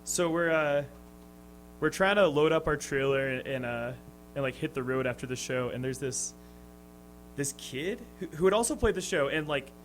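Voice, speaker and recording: A man's voice: a little high, animated, normal speed, a little hiss or hum, poor audio. A young man, a touring musician, telling stories in a casual radio interview, hesitant and laughing. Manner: hesitant, lots of fillers and restarts, laughing. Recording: radio studio with music underneath.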